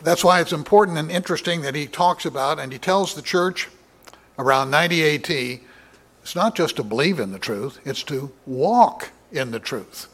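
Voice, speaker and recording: A man preaching a Bible study sermon, reading scripture aloud in a measured way with many fillers and rising for emphasis. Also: a little high, expressive, fairly bright tone. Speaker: pastor.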